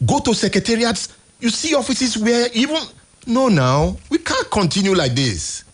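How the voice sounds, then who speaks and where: A Nigerian man hosting a radio show, giving emphatic, exasperated commentary in a husky voice. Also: extremely high pitch, sing-song, normal speed. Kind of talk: impassioned on-air commentary. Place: radio studio.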